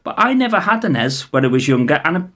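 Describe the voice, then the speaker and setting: A man's voice: fairly high pitch, big pitch swings, quick pace, fairly bright tone. A man with a Scouse accent, co-hosting a podcast in casual, rambling chat. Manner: chatty, rambling with restarts. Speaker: podcast co-host.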